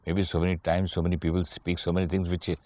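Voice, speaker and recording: Male interviewer, very deep voice, dry close sound, halting questions. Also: flat delivery, a little mellow, no echo. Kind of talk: probing questions.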